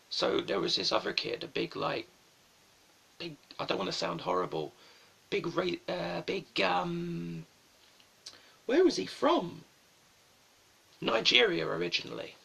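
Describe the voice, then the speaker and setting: A man's voice: high-pitched, very animated, a little slow, creaky, pauses often, bright, forceful tone, husky. A young man rambling through stories on a live stream, swearing often and mocking himself.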